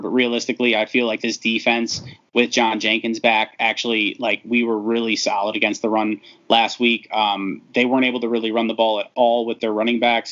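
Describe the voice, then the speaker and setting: Man talking football, lo-fi sound. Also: on the low side. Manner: relaxed, rambling, many ums. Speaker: sports podcast co-host. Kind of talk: casual sports chat. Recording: dull lo-fi audio.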